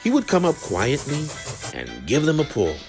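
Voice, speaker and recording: A man narrating a children's train storybook in a slow, expressive reading. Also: a little high. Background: background music.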